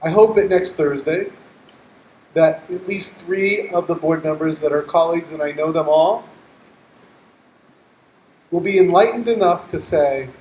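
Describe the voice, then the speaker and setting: Man trustee, rallying speech, high voice, echoey hall. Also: a little slow, long pauses, darkish tone. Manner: fervent, rallying. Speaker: county school board trustee. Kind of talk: public meeting speech. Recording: echoey hall with faint noise.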